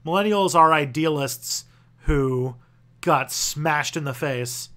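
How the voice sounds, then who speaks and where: Rambling young man with a raised pitch. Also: fairly bright tone. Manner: rambling and halting, frequent restarts and 'like'; loose and profane. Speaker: host answering viewer questions. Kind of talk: casual livestream Q&A.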